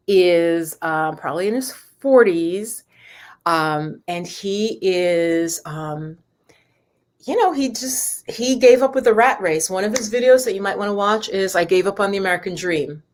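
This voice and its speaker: A woman's voice: medium pitch, unhurried. A woman spiritual teacher chatting casually with viewers on a live stream, rambling and talking straight to her audience. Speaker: spiritual teacher and yoga host.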